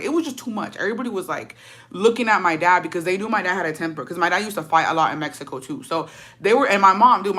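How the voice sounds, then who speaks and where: Young woman vlogger, bright tense tone, brash casual storytelling. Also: fairly low pitch. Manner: brash, profane, chatty.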